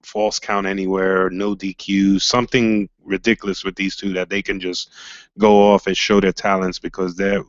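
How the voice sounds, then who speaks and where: A man's voice: low voice, little pitch movement, normal speed, no echo, lo-fi sound. A man co-hosting a casual wrestling review, laid-back, with many "you know" fillers. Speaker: podcast co-host.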